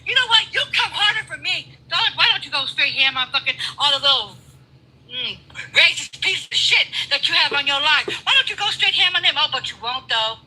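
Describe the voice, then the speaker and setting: Loud, brash, cursing woman. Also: sits high, lively intonation, a little fast, rough recording. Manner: profane, loud and confrontational, often shouting. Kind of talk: heated live-stream argument.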